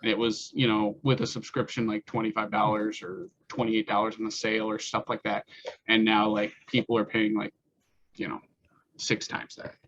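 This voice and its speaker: A man speaks low and flat in a relaxed podcast chat, using lots of fillers. His audio sounds a little dull, with faint noise behind him. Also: normal speed. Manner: relaxed, filler-heavy recommending. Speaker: podcast co-host. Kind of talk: casual chat.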